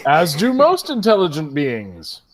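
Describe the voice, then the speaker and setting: A man playing a pompous orc gentleman, Gothmog. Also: fairly high pitch, wildly swooping pitch, a little slow, heavily acted. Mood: snobbish. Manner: posh, drawling and snobbish. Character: fussy, pompous male orc gentleman with monocle.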